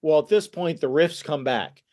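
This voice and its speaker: A man appearing as a podcast guest, calmly recounting a film's plot in casual conversation with frequent restarts. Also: fairly high pitch. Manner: relaxed, halting retelling with restarts. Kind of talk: casual film discussion.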